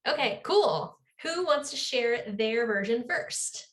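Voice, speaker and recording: A woman's voice: a little high, animated, a little slow. A woman leading an online coding workshop over a video call, upbeat and encouraging. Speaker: workshop instructor.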